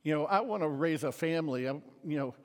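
A man's voice: a little high, lively intonation, quick pace, in a large hall, natural voice. A man doing a brusque, self-absorbed grown boy. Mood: dismissive.

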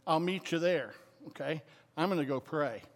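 A man's voice: fairly high pitch, normal speed. A middle-aged man preaching a casual, conversational sermon, talking animatedly and filling his speech with everyday fillers. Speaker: pastor. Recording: long hall reverb.

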